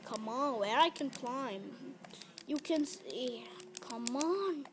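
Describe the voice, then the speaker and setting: High voice, slow halting speech, repeats words, yells at game animals, phone recording. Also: slight background noise. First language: Arabic. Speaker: gameplay video maker. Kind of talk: casual gameplay commentary. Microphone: phone camera held between the knees.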